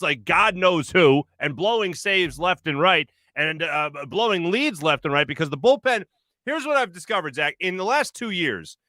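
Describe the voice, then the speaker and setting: Excitable high-voiced radio host man. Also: no room sound. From Philadelphia area. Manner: excitable, jokey, quick exclamations. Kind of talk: casual sports radio chat.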